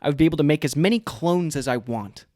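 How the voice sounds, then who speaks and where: A man co-hosting a podcast in casual chat, animated and joking, speeding up when he gets excited. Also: a little high, quick pace, no echo, studio quality. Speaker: podcast co-host.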